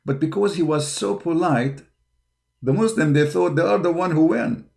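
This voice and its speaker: Gravelly man ranting with combative fervor. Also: on the high side, normal speed, a little mellow. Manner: combative, repeats words, frequent fillers. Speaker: online apologetics show host. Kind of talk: impassioned monologue.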